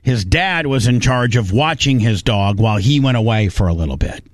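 An excitable man hosts a casual chat, telling a story and tripping over his own words as he goes. He keeps repeating himself when something amazes him. His voice sits at an everyday pitch and sounds dry and close, with no room around it. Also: moderate pace, dry recording.

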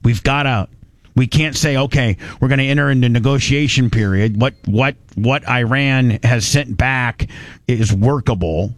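A man's voice: mid-range voice, moderate pace, dry recording. Blunt mocking male radio host. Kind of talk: talk radio commentary.

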